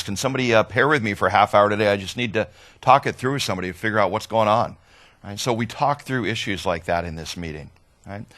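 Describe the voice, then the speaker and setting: A man giving a conference talk as a trainer, conversational and animated, often checking in with "right?". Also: medium pitch. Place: conference hall.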